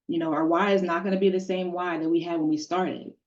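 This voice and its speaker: A woman's voice: fairly low pitch, fairly even intonation, quick pace, darkish tone, recorded from a distance, muffled recording. A woman hosting a group discussion, thinking aloud and restarting her words. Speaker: group session host.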